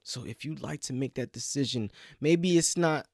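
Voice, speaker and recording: A man preaching a sermon with passion, swinging between loud pleading and hushed whispers. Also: mid-range voice, moderate pace, gravelly, dry recording, clean studio sound.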